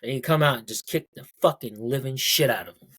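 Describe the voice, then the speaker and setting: A man's voice: mid-range voice, brisk, a bit bright, husky. A man hosting his own podcast in a casual solo rant, blunt and profane, repeating points for emphasis. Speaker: podcast host.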